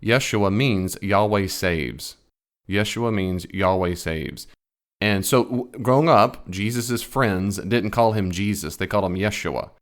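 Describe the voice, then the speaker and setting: Low-voiced man correcting a video. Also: unhurried. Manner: explanatory, corrects firmly, laughs at claims. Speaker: theology commentator reacting to a video. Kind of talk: reaction commentary.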